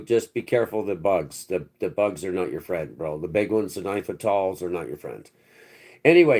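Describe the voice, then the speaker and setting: A channel host with a fairly low, darkish voice tells a story about himself. He rambles and uses slang, restarting sentences and swearing along the way.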